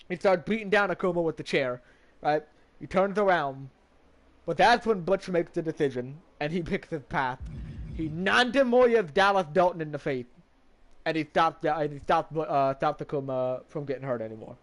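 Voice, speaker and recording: A man's voice: a little high, normal speed. A man streaming a game, casually recapping its story in a rambling way, restarting sentences and swearing now and then.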